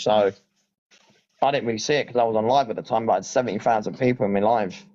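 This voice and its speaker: A man's voice: medium pitch, steady tone, fast, darkish tone, dull audio. Exasperated British man on a livestream. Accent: British English. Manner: pleading and exasperated, repeats himself. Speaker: live streamer. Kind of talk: casual livestream chat.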